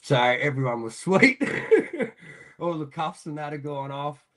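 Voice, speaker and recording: A man's voice: a little high, sing-song, slow, a bit bright. An Australian man, a podcast guest telling a long story in casual, rambling fashion, full of swearing and frequent laughter. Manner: profane, rambling, laughs often.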